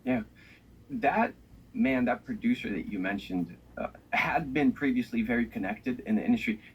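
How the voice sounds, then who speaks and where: A man hosting an interview, summing up the guest's story and asking measured questions. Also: mid-range voice, husky, low-quality recording. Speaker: interview host.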